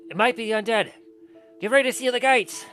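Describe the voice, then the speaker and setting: A man voicing an alarmed male gate guard who shouts warnings from the wall, in a tabletop game. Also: very high-pitched, a little fast, soft background music, voice pushed up. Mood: urgent.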